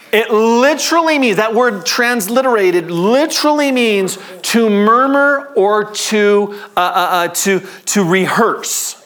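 A man preaching a sermon to his congregation in a church, conversational and animated, with call-and-response. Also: sits high. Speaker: pastor.

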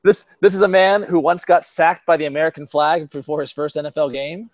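A man's voice: on the high side, steady tone, fairly quick, no echo. A man hosting a casual sports podcast, talking chattily with frequent restarts and easy laughs. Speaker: podcast host.

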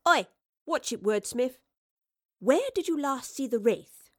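A woman reading the part of a brisk, stern female professor in an audiobook, firm and questioning. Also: high-pitched, expressive, no echo, studio quality, voice pushed up.

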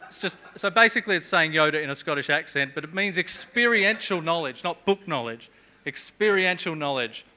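A man's voice: fairly high pitch, expressive, brisk, bright, forceful tone. A middle-aged man preaching a sermon in a church, chatty and jokey, with humorous asides.

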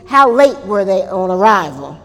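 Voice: medium pitch, big pitch swings, normal speed, pushed and bright. Church Bible teacher quizzing the class in a reverberant hall. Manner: quizzes the group, answers its own questions, frequent amens.

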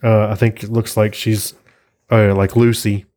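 A man's voice: fairly low pitch, little pitch movement, unhurried, a little mellow. A man hosting a casual solo podcast, rambling and chuckling as he flips through an old comic and reads captions aloud. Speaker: podcast host.

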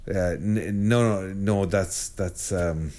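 A middle-aged man, a priest hosting his own show, giving an informal spiritual talk in an animated, joking way with frequent restarts and stammers. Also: sits low, takes it slowly.

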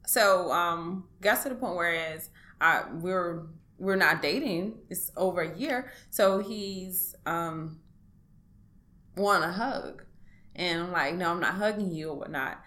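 A woman speaking in an interview, giving a personal account in a halting, hesitant way with many pauses and restarts. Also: on the low side, pushed and bright. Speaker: interview guest.

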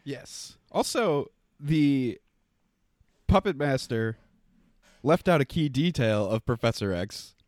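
A man's voice: mid-range voice, expressive, slow, long pauses, no echo, studio quality. A man co-hosting a podcast, riffing playfully and laughing often in casual chat. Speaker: podcast co-host.

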